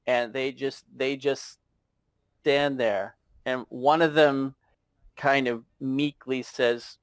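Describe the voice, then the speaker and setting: A man narrating a tabletop game as game master, halting and chuckling as he goes. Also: medium pitch, steady tone, no room sound. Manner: halting, many fillers and restarts, chuckling.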